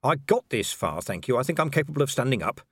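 A man voicing a gruff, battered middle-aged male commander who talks sarcastically. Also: medium pitch, sing-song, fast, fairly bright tone, dry recording, clean studio sound, exaggerated voice.

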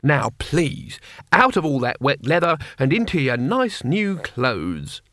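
A man voicing a mild, precise older male schoolteacher who talks slowly and carefully. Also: a little high, very animated, a bit bright, no room sound, studio quality, exaggerated voice. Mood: coaxing.

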